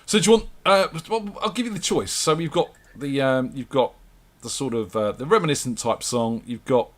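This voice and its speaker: A man's voice: medium pitch, normal speed. A middle-aged man, chatting casually as a musician guest on a radio show, rambling and repeating his words. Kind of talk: casual radio interview chat.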